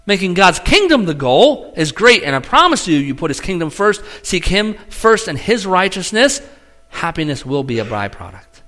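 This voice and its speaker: A middle-aged man preaching a sermon as pastor, with animated swings in pitch and loudness between earnest emphasis and quiet lines. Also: moderate pace.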